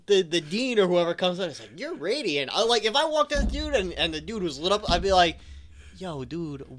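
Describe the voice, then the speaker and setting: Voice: medium pitch, expressive, fast, crowd noise. A podcast co-host adding joking, slangy asides in casual comedic movie chat.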